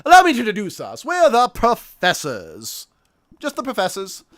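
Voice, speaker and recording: A man doing a pompous old gentleman scholar. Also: high voice, wildly swooping pitch, normal speed, very noisy, voice pushed up. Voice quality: plummy, pompous, theatrical exclamations.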